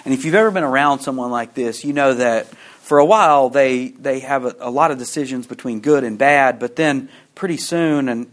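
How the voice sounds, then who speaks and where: Man preaching a slow, dramatic sermon story. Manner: drops to a hushed low voice at emotional points. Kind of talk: sermon illustration.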